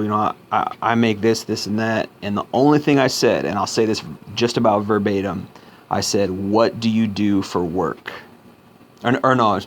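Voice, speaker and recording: A man with a fairly low voice talks in an unscripted vlog monologue. He is blunt and informal, looping back with repeated words and restarts as he goes. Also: slight background noise. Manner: rambling, with frequent repeats and restarts; blunt and informal, with a short laugh now and then. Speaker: vlogger. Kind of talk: casual monologue.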